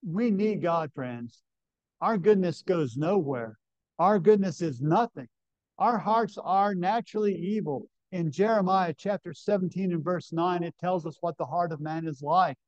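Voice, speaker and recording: A man preaches in a fairly high voice, emphatic as he reads scripture aloud. He keeps putting questions to the congregation. The recording is dry and dull, with a lo-fi sound. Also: a little slow, darkish tone, no room sound. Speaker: pastor. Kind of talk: sermon. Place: camp meeting.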